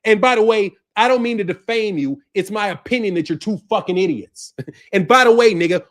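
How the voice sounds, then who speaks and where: A man hosting his boxing channel, ranting in a profane, mocking way and laughing often. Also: sits high. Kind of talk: ranting commentary.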